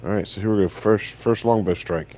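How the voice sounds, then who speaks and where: A man's voice: lowish voice, fairly quick, mellow, slight background noise. A man playing in a tabletop game, talking through his moves in an easygoing, wry way. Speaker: player. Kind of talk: casual tabletop game chat.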